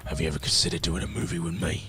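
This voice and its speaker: A man's voice: little pitch movement, racing, bright, forceful tone, faint music behind. A man putting on the voice of a menacing action-movie tough guy, crude and growling. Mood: leering. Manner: threatening, crude, low growl.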